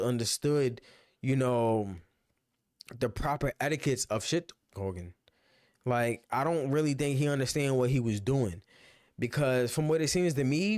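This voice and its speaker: A man's voice: mid-range voice, darkish tone, dry recording, studio quality. Rambling man reacting to a clip. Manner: rambling, repeats himself, says "bro" and "you know". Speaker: reaction streamer. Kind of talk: casual reaction commentary.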